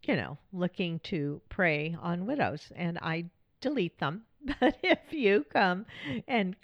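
Lady podcast host chatting away, slightly low voice, dry dull-ish sound. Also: lively intonation, slow, dry recording. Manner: warm, chatty, laughs often. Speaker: podcast host and widow coach. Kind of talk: casual podcast monologue.

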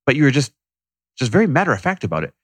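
A man's voice: medium pitch, wildly swooping pitch, racing, slightly rough, no room sound. Male co-host, mid-range voice, candid and self-deprecating, dry recording. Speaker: podcast co-host. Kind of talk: casual conversation.

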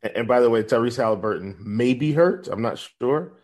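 A man's voice: mid-range voice, a little fast, a little mellow. A man co-hosting a fantasy basketball podcast in casual chat, often stumbling and repeating words with many fillers.

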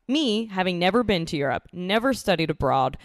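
Chatting casually in her home living room, a young true crime podcaster tells stories with animation and laughs often. She speaks a little fast in a fairly low voice, and the studio-quality recording has no echo.

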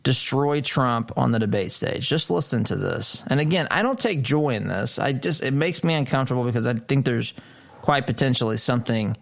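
A man's voice: medium pitch, lively intonation, brisk, vocal fry. A man hosting a political commentary show, talking emphatically and incredulously, repeating phrases for stress. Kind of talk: opinion commentary monologue.

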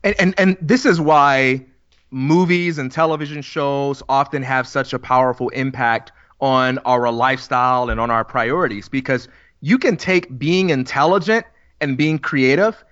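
A man co-hosting a casual podcast, explaining ideas in a measured, step-by-step way. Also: mid-range voice, a bit bright, dry recording. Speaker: podcast co-host. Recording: dry, dull lo-fi podcast audio.

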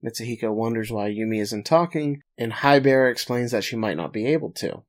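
A man's voice: mid-range voice, a little fast. A man recapping an anime episode for a podcast, joking and laughing between plot summaries. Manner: narrates plot, then jokes and laughs. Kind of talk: casual recap chat.

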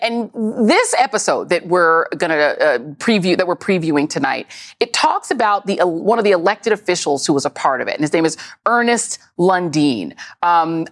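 A woman host leads a news show, chatting with her guest in a conversational manner. Her voice sits a little low, and her pitch swings widely as she talks. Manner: expressive and conversational. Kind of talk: news commentary and interview.

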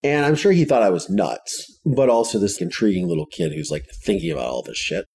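A man's voice: lowish voice, sing-song, fairly quick, gravelly, a little mellow, slightly rough. A man from Ohio telling a personal story in the first person, blunt and intense, swearing freely. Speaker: podcast guest telling his story.

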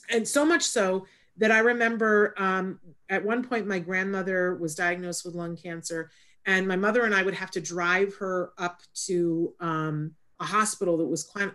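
A woman's voice: lowish voice, fairly bright tone. A woman hosting a casual interview, telling a personal story with a reflective, storytelling manner before introducing her guest. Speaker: host.

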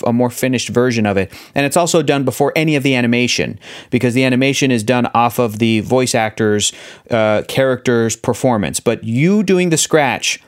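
A man hosting a podcast in an enthusiastic, chatty way. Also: medium pitch. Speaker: podcast host. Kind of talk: casual chat.

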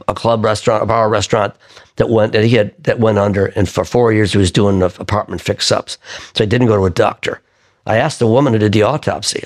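Gravelly older man telling stories. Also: fairly low pitch. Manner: lively raconteur who acts out quoted voices. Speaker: singer-songwriter guest. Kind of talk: conversational storytelling interview.

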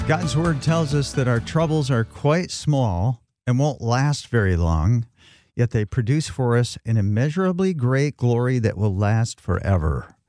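A man's voice: medium pitch, animated, measured pace, darkish tone, no echo, faint music behind. A man co-hosting a radio show, introducing a segment in a thoughtful, conversational way. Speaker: radio co-host. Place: radio studio. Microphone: studio microphone.

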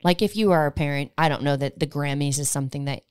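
A young woman co-hosts a podcast, talking fast in a low voice. She is agreeable and chatty, and the sound is dry and close. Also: clear, resonant tone, dry recording. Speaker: podcast co-host. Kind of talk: casual chat.

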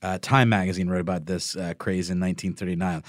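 A man's voice: deep voice, fairly even intonation, fast, few pauses, no echo, studio quality. A man co-hosting a podcast in easygoing, amused casual chat. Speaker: podcast co-host.

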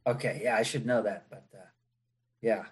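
A man's voice: fairly low pitch, fairly even intonation, moderate pace, breathy edge. A man visiting a podcast as a guest, chatting in an easygoing way and laughing often. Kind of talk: casual chat.

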